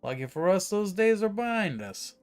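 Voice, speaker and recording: A man voicing a brutal, predatory man in a game, speaking with a deliberately mixed New York and British accent in a swaggering, contemptuous way. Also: high voice, sing-song, faint music behind, voice pushed up. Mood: menacing. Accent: mock half New York, half British. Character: brutal predatory man who sees people as beasts. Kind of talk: reading game dialogue aloud in voices.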